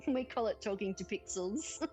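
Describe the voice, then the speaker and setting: On poor audio, a female streamer with a slightly high voice chats casually during a let's-play. She laughs a lot, giggling as she reads the game's text out loud.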